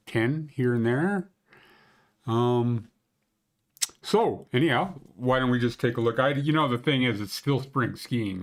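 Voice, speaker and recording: A mid-range male voice rambles and jokes with viewers on a casual live stream covering local ski conditions in the Banff area, leaning heavily on fillers.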